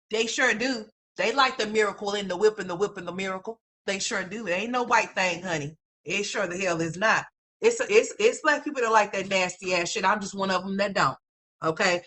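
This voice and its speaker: A woman hosting a livestream, reacting to chat in a loud, profane, animated way and calling viewers "y'all" and "honey.". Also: mid-range voice. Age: adult mother. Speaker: livestream host.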